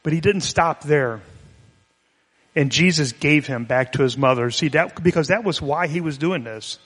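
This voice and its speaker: A pastor giving a conversational, explanatory sermon, retelling a scripture story in plain everyday words. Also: male voice, a little high, moderate pace, a bit bright, breathy edge. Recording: long hall reverb.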